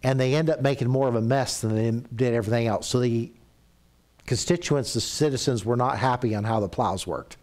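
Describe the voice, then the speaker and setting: Man preaching with lively rises and hushes. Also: mid-range voice, a little fast. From Canada. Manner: storytelling, animated rises and hushed drops. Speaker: pastor. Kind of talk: sermon.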